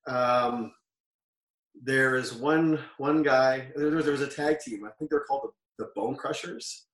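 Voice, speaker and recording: A Canadian man in his forties, a former wrestler, is a guest in a casual interview, speaking at medium pitch and a measured pace with a fairly bright tone. He rambles through stories, correcting himself and laughing as he talks. Because he sits away from the mic in an echoey room, the sound is roomy and off-mic.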